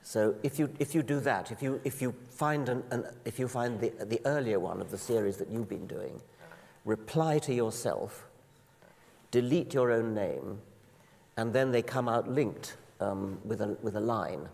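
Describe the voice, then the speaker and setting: Gravelly man explaining on a hall stage. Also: medium pitch, a little slow, darkish tone. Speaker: guest speaker. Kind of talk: onstage conversation. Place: large auditorium with audience. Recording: long reverb of a large hall.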